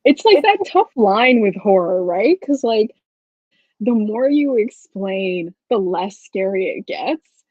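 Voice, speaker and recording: A woman's voice: medium pitch, sing-song, slow, dry recording. A chatty woman author talks through her writing, full of fillers and little laughs. The audio is dull and lo-fi, and the sound is dry and close. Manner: chatty, lots of "like", laughs while explaining. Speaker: author guest. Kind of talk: casual video-call interview.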